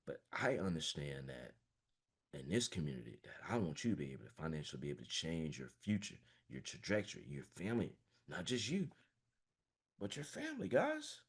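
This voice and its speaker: A man's voice: deep voice, wildly swooping pitch, a little fast, breathy edge. A man, a financial coach giving a passionate, emphatic motivational talk over a video call, peppered with "man". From small-town Florida, US.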